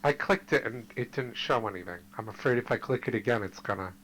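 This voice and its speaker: A man playing a tabletop game as a player, low-key, counting his dice rolls out loud. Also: fast talker, slight background noise, poor audio.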